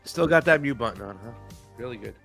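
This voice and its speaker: A man's voice: medium pitch, animated, fast, creaky, a bit bright, soft background music. A man hosting a casual political talk show over a video call, joking, rambling and swearing freely. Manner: loose, joking, profane, rambling. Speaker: host.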